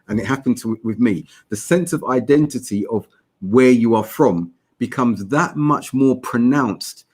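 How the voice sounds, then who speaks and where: A middle-aged man with a South London accent, hosting a podcast discussion in a measured, explanatory way. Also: fairly low pitch, a little mellow, breathy edge. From South London, England. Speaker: podcast host.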